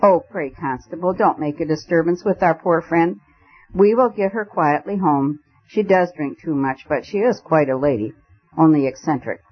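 A man's voice: on the high side, moderate pace, close to an everyday voice. Man doing a fussy genteel lady's voice. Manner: finicking, genteel, feverish. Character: sinister man disguised as a fussy lady. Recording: dull lo-fi recording.

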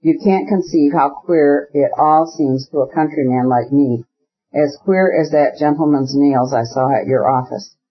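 A man's voice: fairly high pitch, unhurried, lo-fi sound, natural voice. A man voicing an earnest country landowner. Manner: earnest, plain-spoken, uneasy.

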